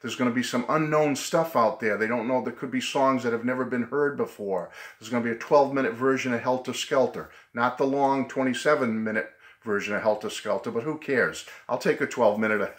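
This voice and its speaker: Excited New England man vlogging. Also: medium pitch, brisk. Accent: New England (Boston/Providence). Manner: enthusiastic, rambling, laughs often. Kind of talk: casual excited vlog talk.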